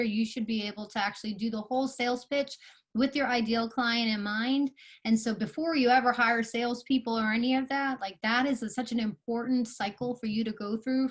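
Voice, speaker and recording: A woman giving a live online workshop talk to founders, earnest and coaching, with many fillers and restarts. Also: a little high. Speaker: conference speaker.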